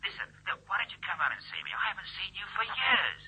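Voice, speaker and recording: An actor playing a jovial former navy friend talking over a telephone line in a vintage radio drama. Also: male voice, high-pitched, huge pitch swings, fast talker, gravelly, sharp tone, slightly rough, full character voice. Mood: hearty. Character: jovial old navy pal man on the phone. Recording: tinny phone line in an old radio recording.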